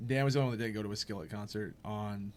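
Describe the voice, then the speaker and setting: A young man on a podcast telling a funny story in casual chat, animated and laughing, acting out the people he quotes. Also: on the low side, rapid-fire, a little hiss or hum. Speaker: podcast host.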